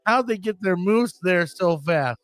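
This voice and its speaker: A man's voice: high voice, expressive, measured pace, a bit bright, no echo, faint music behind. A man putting on a mock Canadian accent to tell a story in a playful, over-the-top way. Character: exaggerated jokey Canadian man narrating.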